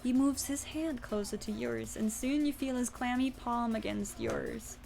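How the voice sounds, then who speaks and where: A woman's voice: fairly high pitch, unhurried, gravelly, darkish tone, a little hiss or hum. A young adult woman streaming, chatting casually and reading a story game aloud, swearing now and then and talking to her chat. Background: faint music.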